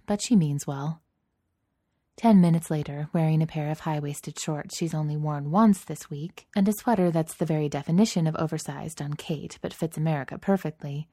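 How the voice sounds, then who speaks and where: A woman reading a story aloud in a calm, even way. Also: low-pitched, dry recording, clean studio sound. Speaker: reader. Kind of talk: fan fiction reading.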